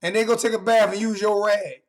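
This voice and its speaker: A man's voice: high voice, level tone, a little fast. A young man hosting a livestream from home, confrontationally trash-talking his chat and repeating phrases for emphasis. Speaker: livestream host. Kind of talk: heated livestream rant.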